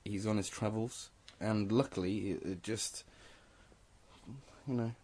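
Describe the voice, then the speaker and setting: A man's voice: on the low side, steady tone, unhurried, darkish tone, slightly rough. A young man presenting a radio show, chatting casually and enthusiastically about electronic tracks and laughing easily.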